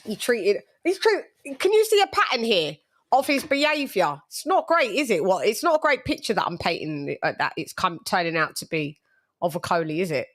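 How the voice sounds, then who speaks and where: A woman's voice: mid-range voice, big pitch swings, moderate pace. A woman hosting a boxing podcast in casual, gossipy and blunt chat. She laughs often and repeats words as she talks.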